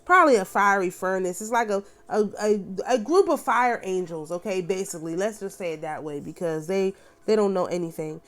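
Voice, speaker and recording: A woman reading scripture aloud and breaking off to explain it in casual asides, slowing and rising for the chanted passages. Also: medium pitch, fairly bright tone. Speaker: spiritual teacher.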